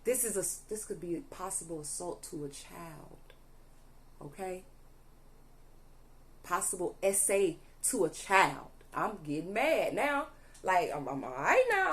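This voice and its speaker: Her voice is fairly low and fairly bright, with a sing-song lilt at a measured pace, as this young tarot reader lays out cards for her viewers. She speaks emphatically, keeps saying "allegedly," pauses often to ask "okay?", and sometimes sounds angry.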